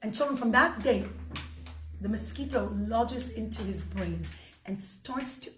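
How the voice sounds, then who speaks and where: High-voiced woman storyteller for kids, expressive, echoey room. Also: measured pace. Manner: expressive, addresses the children often. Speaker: storyteller for children. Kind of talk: animated storytelling.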